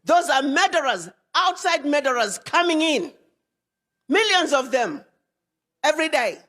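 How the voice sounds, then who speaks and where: Woman ambassador, high voice, emphatic public address in a reverberant hall. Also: big pitch swings, a little slow, fairly bright tone. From Ghana. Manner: emphatic, repeats words for weight. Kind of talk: public speech to an audience.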